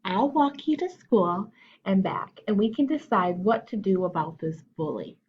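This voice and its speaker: A woman voicing a gentle, caring mother raccoon in a storybook reading, soothing and reassuring. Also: mid-range voice, expressive, normal speed, slightly rough, dull audio.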